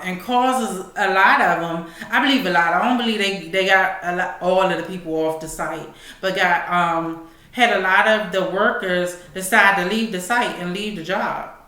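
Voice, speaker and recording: Bright-voiced chatty woman from D.C. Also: medium pitch, roomy sound. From Washington, D.C. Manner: profane, chatty, laughing. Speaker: podcast host. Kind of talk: casual commentary.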